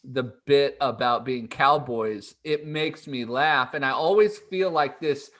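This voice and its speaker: A man from Colorado co-hosting a casual podcast, trading quick, teasing banter. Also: mid-range voice, fairly bright tone. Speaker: podcast co-host. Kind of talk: casual chat.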